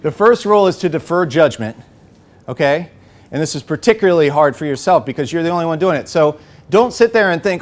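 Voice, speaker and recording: Brisk, energetic man leading a workshop. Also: on the high side. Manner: energetic, coaching tone with frequent "okay?" and "right?" check-ins. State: a bit out of breath. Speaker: workshop facilitator. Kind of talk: live workshop instruction. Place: workshop room.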